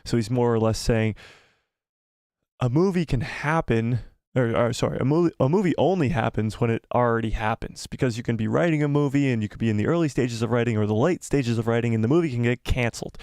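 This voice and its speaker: A man's voice: mid-range voice, fast, darkish tone, no echo, studio quality. A man hosting a live fan stream, rambling and enthusiastic as he reads chat comments aloud, and his voice is wearing out. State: losing his voice.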